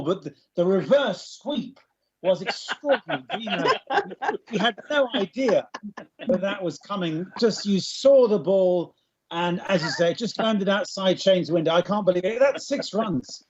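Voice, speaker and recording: Husky high-voiced man moderating a call. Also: expressive, moderate pace. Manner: chatty, cricket-commentary jokes. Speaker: panel moderator. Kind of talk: casual moderating banter. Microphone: video call. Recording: muffled video call audio.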